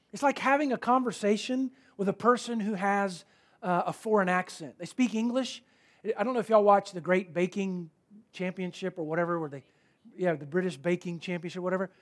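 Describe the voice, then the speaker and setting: Casting: male pastor, high-pitched voice, conversational emphatic sermon delivery. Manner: conversational, emphatic preaching with repeated key words.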